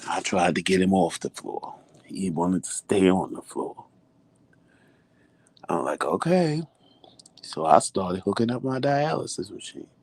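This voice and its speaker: A man's voice: low-pitched, a little slow. A man vlogging, telling a story casually and animatedly, acting out what people said. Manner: animated, acts out quotes.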